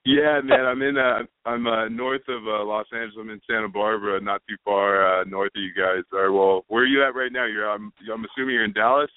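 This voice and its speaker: Low-voiced laid-back man on the phone. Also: brisk, few pauses, smooth, no room sound. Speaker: guest. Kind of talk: casual chat. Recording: dry tinny phone line.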